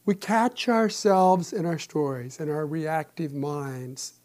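A man in his sixties, a meditation teacher and therapist, giving a calm, reflective dharma talk with gentle humor. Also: fairly high pitch, takes it slowly.

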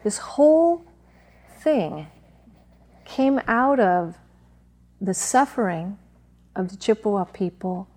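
A middle-aged woman, a meditation teacher, telling a personal story in a gentle, reflective dharma talk, pausing now and then to clear her throat. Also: lowish voice.

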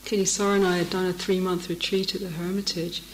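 A woman's voice: fairly low pitch, level tone, fast talker, slight background noise. A middle-aged woman, giving a dharma talk as a meditation teacher, telling stories and laughing often. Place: meditation hall. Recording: echoey meditation hall.

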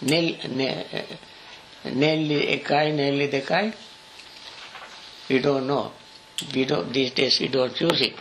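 Older Sri monk teaching slowly. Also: male voice, medium pitch, background noise. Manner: slow, halting explanations with frequent pauses and spelled-out letters. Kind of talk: scripture study lesson.

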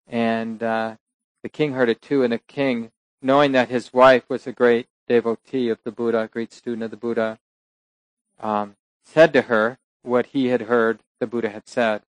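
A man teaching at a meditation center in a relaxed, reflective storytelling voice, pausing now and then to rephrase. His voice sits in an ordinary middle pitch. It is recorded close and dry, with no room echo. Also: clean tone. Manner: unhurried, reflective, with occasional laughs and self-corrections. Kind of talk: dharma talk with storytelling.

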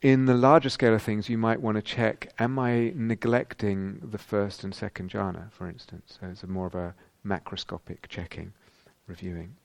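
A British meditation teacher speaks in a reflective, unhurried way, pausing and restarting as he searches for words. His voice sits low with a gravelly edge. The sound is dry and close. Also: flat delivery, no room sound. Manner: gentle, reflective, many pauses and restarts. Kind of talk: dharma talk. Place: retreat meditation hall.

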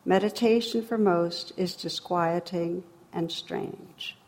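A woman's voice: fairly low pitch, takes it slowly, a little mellow. A middle-aged woman giving a dharma talk as a meditation teacher, wry and humorous, then reflective.

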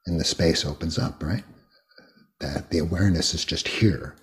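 An older man guiding a meditation talk, speaking slowly and gently with many long pauses. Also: sits low. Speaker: meditation teacher. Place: retreat hall.

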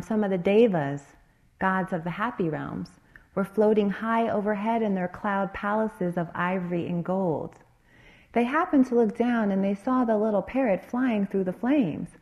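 A woman meditation teacher telling a dharma story in an expressive, rhythmic way. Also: mid-range voice, muffled recording.

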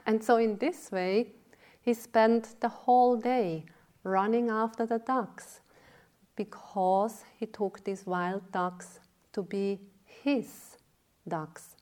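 A woman meditation teacher giving a dharma talk, telling a teaching story in a deliberate way. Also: medium pitch, fairly even intonation, a little mellow.

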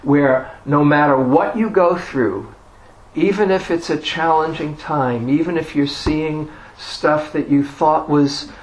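A man giving a dharma talk as a meditation teacher, telling a personal story in an unhurried way with self-deprecating humor. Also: on the high side, rough recording.

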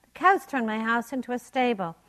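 A woman's voice: a little high, very animated, fairly quick, a bit bright. A despairing poor man pours out his pleas and laments, voiced by a woman telling a folk tale. He begs for help again and again. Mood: pleading. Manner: pleading, lamenting. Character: desperate poor man in a crowded hut.

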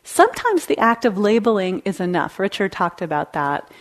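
A woman meditation teacher giving a dharma talk in a gentle, conversational way, laughing lightly now and then. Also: medium pitch, very animated, moderate pace. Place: meditation hall.

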